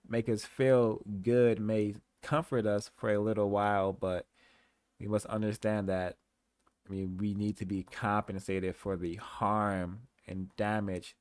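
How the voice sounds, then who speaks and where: A man's voice: fairly low pitch, smooth, dry recording, clean studio sound. A man hosting a commentary program, speaking in an earnest, emphatic way. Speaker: host.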